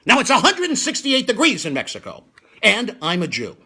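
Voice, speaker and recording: A comedian from New York hosts a comedy show on a live stream, delivering a stand-up routine with punchy timing and laughing at his own lines. His high-pitched voice swings hugely in pitch, brisk and sharp with a slight roughness.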